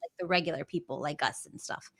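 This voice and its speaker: A woman co-hosting a podcast, telling a story in a casual, gossipy, animated way and talking back sharply. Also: deep voice, fast talker. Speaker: podcast co-host.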